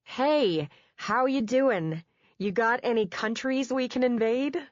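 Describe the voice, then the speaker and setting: Woman doing a playful British diva, brassy and teasing, a bit higher than her own voice; dull, dry audiobook sound. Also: slow, no room sound. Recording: dull dry studio read.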